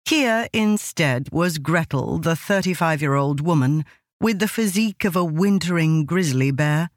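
This is studio-quality, dry audio of a woman narrating an audiobook from a script. Her low-pitched delivery is measured and expressive, in a storytelling style.

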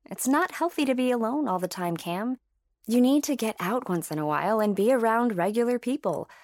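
A woman doing a bright teasing young woman. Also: on the high side, expressive, a little fast, no room sound, studio quality, voice pushed up. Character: playful young woman, teasing best friend.

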